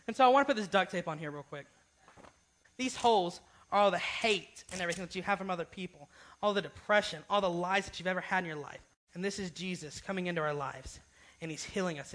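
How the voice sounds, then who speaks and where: A man's voice: sits high, a bit bright, poor audio. A young man giving a casual youth sermon, informal and often asking "right?". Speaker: youth speaker.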